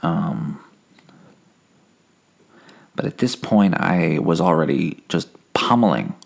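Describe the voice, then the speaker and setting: Slowly and with a straight face, a gravel-voiced, low-pitched man hosting a comedy podcast spins an absurdist monologue. Wandering and self-correcting, with big pitch swings, he turns ordinary stories into grim punchlines.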